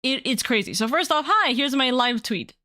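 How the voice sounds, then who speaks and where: A woman streaming from home as a VTuber, chatting casually in a rambling, excitable way and swearing freely. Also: high-pitched, moderate pace, no echo, clean studio sound. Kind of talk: casual livestream chat.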